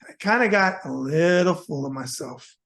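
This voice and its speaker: A man's voice: fairly high pitch, animated, normal speed, creaky, a bit bright. A man from South Florida, a former boxer hosting his own show, telling a personal story in a folksy, heartfelt way and speaking straight to his viewers.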